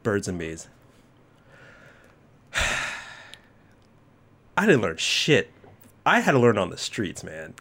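A man's voice: lowish voice, big pitch swings, slow pace, pauses often, a bit bright. A man from Texas, in his thirties, co-hosting a casual podcast chat. He jokes, swears freely and drops into comic voices. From Southern US, Texas. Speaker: podcast co-host.

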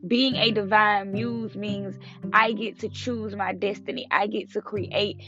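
A woman's voice: medium pitch, little pitch movement, a little slow. A woman in her twenties hosting a podcast, talking earnestly in a casual motivational monologue, full of repeated affirmations and casual swearing. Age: 20s. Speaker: podcast host. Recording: lo-fi with music underneath.

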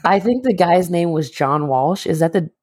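A man's voice: on the high side, lively intonation, moderate pace, a little mellow, breathy edge. A man co-hosting a podcast in casual chat, joking and profane, laughing often and mimicking people in put-on voices. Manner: profane, jokey. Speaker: podcast co-host.

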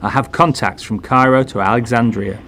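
A desperate, indignant businessman, played by a male narrator, speaks loud and forceful in a spooky audio story. His voice is a little raised in pitch, and faint train noise hums behind him. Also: steady tone, brisk, natural voice. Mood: proud. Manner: forceful, impassioned.

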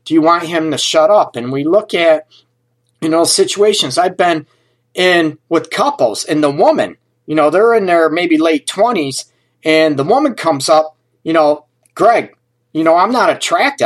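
A man working as a relationship coach, talking on a live stream and answering viewers' comments by name, chatty and often laughing mid-sentence. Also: fairly high pitch.

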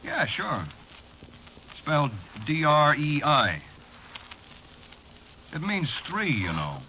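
An actor playing a teasing, sinister bartender who drawls in slang, in old-time radio drama style. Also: male voice, on the high side, wildly swooping pitch, slow pace, sharp tone, full character voice. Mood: sly. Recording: dull, faintly hissy old radio recording.

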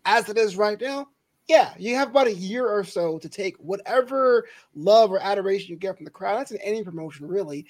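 A man co-hosting a wrestling podcast who gives firm opinions and riffs on hypotheticals. His voice sits notably high for a man, and he talks in a loose, casual way. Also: animated, a little fast. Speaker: podcast co-host.

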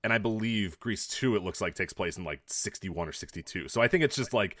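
Man co-hosting a podcast, lowish voice, lively pitch, fairly bright tone, easygoing chat, dry close sound. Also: a little fast, no room sound. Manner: easygoing, agreeable, laughs often. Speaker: podcast co-host. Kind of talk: casual chat.

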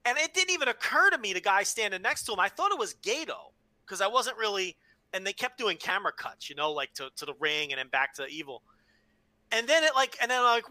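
A man's voice: very high-pitched, big pitch swings, fast talker, pushed and bright, dry recording. A man co-hosting a casual podcast, telling stories frankly, swearing freely and restarting with repeated words. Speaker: podcast co-host. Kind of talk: casual wrestling podcast chat.

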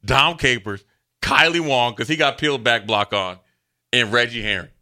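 This sports radio co-host, once an NFL player, has a mid-range voice and a moderate pace. He swaps casual tales from his football career, lively and talkative, and slips into impressions of the people he's quoting.

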